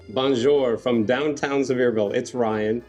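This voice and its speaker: A man's voice: medium pitch, steady tone, slow, a little mellow, faint music behind. A man with a Southern US accent hosting a casual travel vlog in a café, easygoing and joking. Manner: joking, easygoing, playful self-teasing. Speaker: vlog host. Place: small café indoors.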